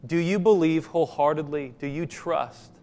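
A man's voice: fairly high pitch, normal speed, warm tone. Man preaching in a reverberant church. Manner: questioning, repetitive emphatic preaching. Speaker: pastor. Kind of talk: sermon.

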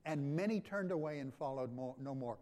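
A man preaching a sermon as pastor, dropping to quiet lines and then rising to loud, emphatic ones, often repeating his phrases. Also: medium pitch, animated, brisk.

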